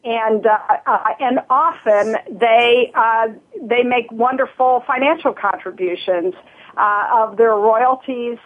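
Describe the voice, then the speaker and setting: A woman from Southern Ohio talks earnestly as a guest, breaking off and restarting her sentences with plenty of fillers. Her voice sits a little high and has a husky edge. It comes through a thin, tinny phone line. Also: slow. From Southern Ohio, USA. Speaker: guest, nonprofit leader. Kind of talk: casual interview talk.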